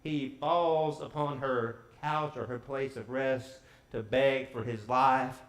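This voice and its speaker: A male preacher telling a story in a sermon, lively and quizzing the congregation as he goes. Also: medium pitch, takes it slowly. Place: church sanctuary. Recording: echoey church sanctuary.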